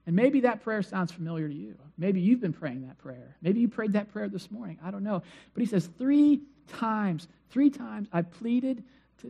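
Emphatic preacher with swinging loudness. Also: medium pitch, animated, normal speed, creaky. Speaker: pastor. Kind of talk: sermon. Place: church before a congregation.

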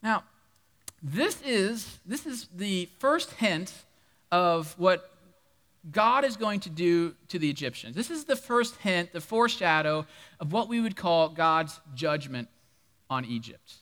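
A man delivers a sermon in a high, bright, forceful voice, spinning a Bible story with playful asides. His words ring through the long reverb of a church hall. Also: takes it slowly. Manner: animated, humorous storytelling with asides to the congregation. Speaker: preacher.

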